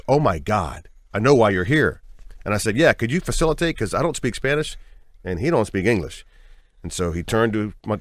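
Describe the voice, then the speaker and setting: A middle-aged man telling a personal story as an interview guest, lively and acting out the voices he quotes. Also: dry recording, clean studio sound. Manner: lively, acts out quoted voices with big pitch jumps.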